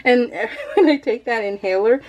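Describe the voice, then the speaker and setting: A woman's voice: a little high, sing-song, unhurried, a little mellow, a little hiss or hum. A woman from Northern California chatting casually over her crafting video, rambling to her viewers and giggling often between phrases. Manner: rambling, talks straight to viewers. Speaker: crafting vlogger.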